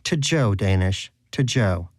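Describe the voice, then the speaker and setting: A man's voice: lowish voice, animated, takes it slowly, no echo, clean studio sound. A man voicing a pious, bitter, hungry male pet rodent who talks in a preachy, indignant way. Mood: reproachful.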